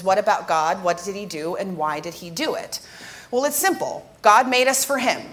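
A woman worship director giving a lively church teaching talk to a congregation, joking with them as she goes. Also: mid-range voice. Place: church sanctuary before a congregation.

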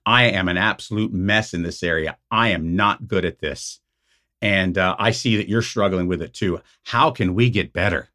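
A man's voice: lowish voice, a bit bright. A middle-aged man who leads a youth ministry, telling a story in casual conversation and acting out the quoted dialogue. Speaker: ministry leader, podcast guest.

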